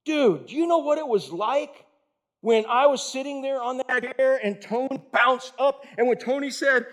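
A man in his sixties preaching a casual, lively sermon, calling listeners dude and bro. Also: very high-pitched, moderate pace. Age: 60s. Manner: animated, slangy, calls the audience dude and bro. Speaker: pastor.

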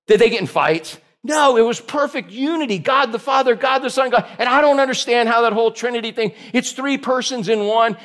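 A man, preaching in a loose, jokey way to a small group. His voice sits high, and he keeps breaking into playful asides aimed at people in the room. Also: fairly bright tone. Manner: jokey, teasing listeners by name, playful asides. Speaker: pastor. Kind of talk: casual joking sermon to a small group.

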